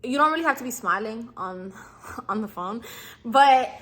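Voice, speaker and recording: A young woman in her twenties talks straight to her viewers in a casual advice vlog. Her voice sits high and sounds bright and sharp. She chats in loose slang and keeps slipping into quick impressions of customers and clerks. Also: animated. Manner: slangy and chatty, acts out customer and clerk lines. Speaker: YouTuber giving customer service tips.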